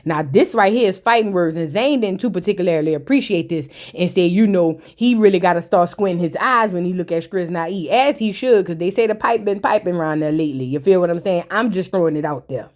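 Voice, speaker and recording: A woman's voice: on the low side, fairly quick, few pauses, darkish tone. Sassy woman recapping reality TV. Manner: sassy, slangy, chatty asides to viewers. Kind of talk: casual reaction recap.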